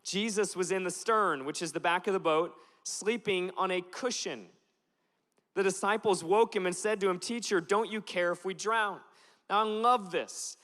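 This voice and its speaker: A man from Alaska preaching a passionate sermon in a church, moving from slow, weighty lines to animated storytelling. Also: high voice. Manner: passionate, builds from slow emphatic lines to loud animated retelling. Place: church auditorium. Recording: long hall reverb.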